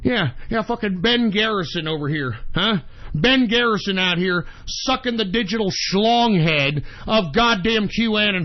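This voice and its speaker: A man hosting an internet radio show, ranting angrily and profanely, often shouting, on a dull lo-fi recording. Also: high voice, lively intonation, unhurried. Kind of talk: angry talk-radio rant. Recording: dull lo-fi sound.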